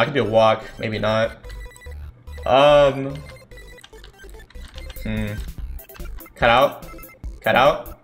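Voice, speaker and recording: Young man streaming a game, higher voice. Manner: casual, thinks aloud, bursts into excited shouts. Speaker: gaming streamer. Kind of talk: live gameplay commentary. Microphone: desk mic without a condenser.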